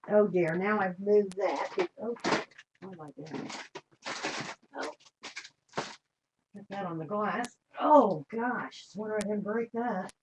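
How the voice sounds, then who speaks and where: A woman's voice: medium pitch, a little mellow, slight background noise. An older woman hosting a live craft demonstration, chatting in a homey way and greeting viewers with endearments. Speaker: craft show host.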